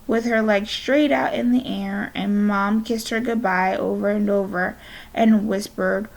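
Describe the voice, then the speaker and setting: A woman teacher reading a children's novel aloud to her class, gently and unhurried, now and then correcting herself. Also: medium pitch, steady tone, gravelly, low-quality recording.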